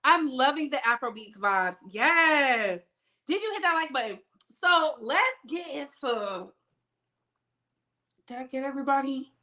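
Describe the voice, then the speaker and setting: A woman's voice: sits high, lively intonation, measured pace, long pauses, pushed and bright. A young woman hosting a celebrity gossip channel, giving sassy, emphatic commentary and drawing out words for effect.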